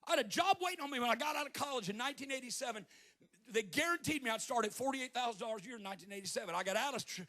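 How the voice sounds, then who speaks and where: A man in his fifties preaching a sermon as a guest preacher at a church service, telling stories with joking asides and rising to shouted peaks. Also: very high voice, lively intonation, very fast. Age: 50s.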